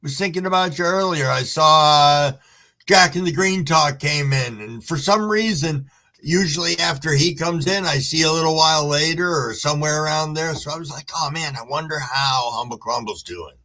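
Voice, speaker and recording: A man's voice: on the high side, moderate pace, sharp tone. A middle-aged man hosting a casual livestream, greeting viewers by name and reading chat aloud in a laid-back way. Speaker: livestream host.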